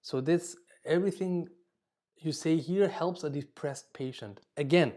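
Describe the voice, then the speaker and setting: Warm-toned man lecturing dentists. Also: on the high side, a little slow. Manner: explains with example phrases, frequent "okay?" check-ins; self-corrects mid-word. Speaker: dental communication instructor.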